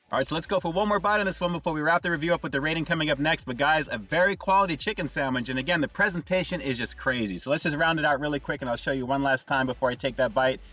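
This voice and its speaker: A man's voice: a little high, pushed and bright, distant mic. A man hosting a casual food review from inside a car, upbeat and chatty, who keeps calling his viewers "guys". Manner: upbeat, keeps saying "guys" and "really digging".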